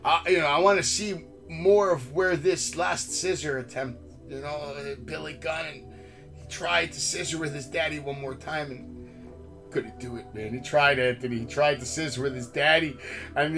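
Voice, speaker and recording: A man's voice: fairly high pitch, fairly bright tone. A man hosting a wrestling podcast, ranting in heated, profane casual chat. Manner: brash, heated, swears constantly. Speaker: podcast host.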